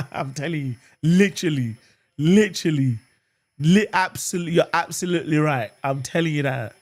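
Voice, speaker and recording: On his fan channel, a man with a voice on the high side and a normal pace hosts a live watchalong of a football game. He chats with viewers, reading and answering their comments, and is animated, shifting between calm talk and outraged outbursts aimed at the referee.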